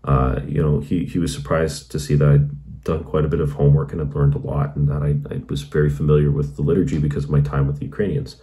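A man with an extremely deep voice and a dark, mellow tone tells his own conversion story for his channel. He talks in an earnest, meandering way and leans often on "you know". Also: level tone, quick pace, highs cut off. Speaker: channel host.

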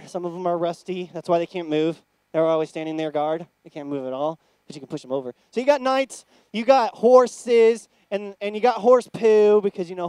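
A man teaching a lively Bible lesson to young children in church, playful and excitable. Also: high voice, clean tone, dry recording. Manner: excitable, playful, loud cheers.

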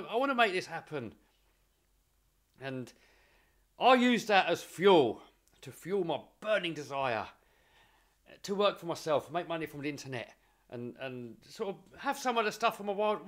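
A man's voice: fairly high pitch, fairly bright tone. A young adult man vlogging, telling a motivational story casually and earnestly, often repeating words as he builds momentum.

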